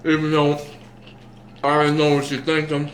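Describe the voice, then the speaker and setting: A man's voice: fairly high pitch, monotone, brisk, a little hiss or hum. A young man vlogging while he eats, rambling and self-mocking, woozy after having his eyes dilated. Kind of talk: rambling casual chat to camera. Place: indoors at home, eating. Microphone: camera mic. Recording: roomy echo, faint clatter of dishes.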